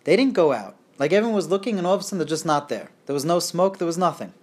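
A man telling a Hasidic tale in a lively, repetitive way, sprinkling in Yiddish and Hebrew words. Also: on the high side, very fast. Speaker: storyteller. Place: community near Woodmere.

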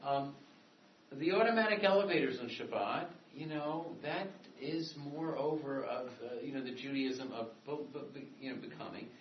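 A man's voice: mid-range voice, moderate pace, slight background noise. A man giving a classroom lecture, talking in a discursive, conversational way with many asides and restarts. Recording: echoey room from a distance, dull and muffled.

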